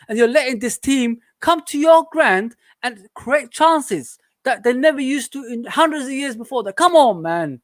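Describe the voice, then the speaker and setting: A high-pitched man talks over a live football match in casual watch-along chat. He gets excitable and frustrated, calling out the players. The sound is dry and close. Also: moderate pace, few pauses, no echo.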